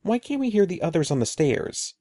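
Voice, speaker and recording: A man voicing a nervous young boy who pleads and stammers in a shrill voice. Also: big pitch swings, fairly quick, dark tone, no echo, studio quality. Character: frightened young boy, little brother, nervous and whiny.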